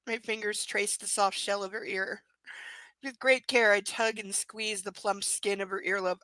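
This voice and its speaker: A woman reads a novel aloud in a clear, bright voice. She keeps stopping for sarcastic, amused remarks about the characters. The sound is dry and close. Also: mid-range voice, steady tone, moderate pace, no room sound, poor audio. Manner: sarcastic asides, laughing at the text. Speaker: reader. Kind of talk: live book reading with commentary.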